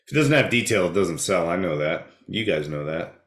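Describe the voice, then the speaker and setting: Low-voiced man in an echoey room. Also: expressive, fairly quick, slight background noise. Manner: profane, laughing banter. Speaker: podcast co-host. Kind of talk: casual chat. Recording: roomy echo.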